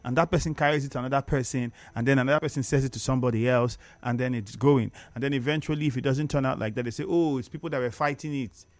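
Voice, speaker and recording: A man's voice: medium pitch, steady tone, rapid-fire, few pauses, dry recording. A Nigerian man hosting a radio talk show, reading out listener comments and lecturing callers with emphatic repetition. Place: radio studio. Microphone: studio microphone.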